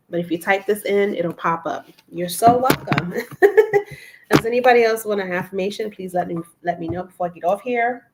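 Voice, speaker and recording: Slow-reading woman host with a low voice. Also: noisy background. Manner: reads affirmations slowly and softly, warm encouraging asides. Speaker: livestream host reading affirmations. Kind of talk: casual live stream chat.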